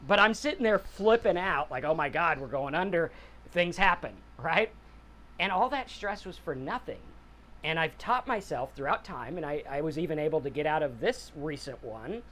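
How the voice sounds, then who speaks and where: This is a man in his forties with a high-pitched, somewhat bright voice, hosting a sobriety channel over a little hiss or hum. He reflects casually in an earnest, wandering monologue, frequently adding "right?" to check in.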